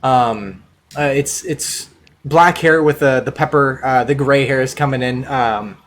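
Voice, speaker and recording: A man's voice: medium pitch, a little slow, fairly bright tone. A man narrating scenes as game master in a tabletop game, rambling with many fillers. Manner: rambling, filler-heavy description.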